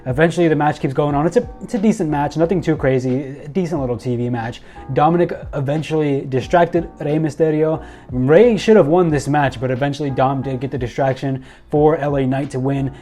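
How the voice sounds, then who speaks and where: A young man excitedly recapping and commenting on a wrestling show, acting out quoted lines and using many fillers. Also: on the high side, a little fast, faint music behind.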